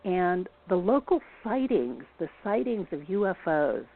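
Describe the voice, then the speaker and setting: Rambling woman historian guest with a slightly low voice, heard over a phone line. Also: big pitch swings, a little slow. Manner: rambling, many restarts and fillers. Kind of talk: casual storytelling on a phone-in show.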